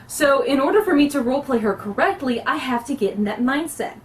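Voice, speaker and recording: Woman explaining roleplaying, high voice. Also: animated. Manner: earnest, instructive, with frequent pauses. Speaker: roleplaying instructor. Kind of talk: casual explanatory lesson. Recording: recorded from a distance.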